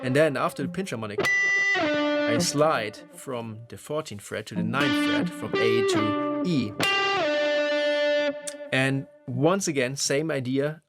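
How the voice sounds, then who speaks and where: Man explaining guitar technique over loud guitar. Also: medium pitch. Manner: relaxed, explanatory, with restarts. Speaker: guitar teacher. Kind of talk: instructional explanation. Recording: loud guitar playing behind voice. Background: electric guitar playing.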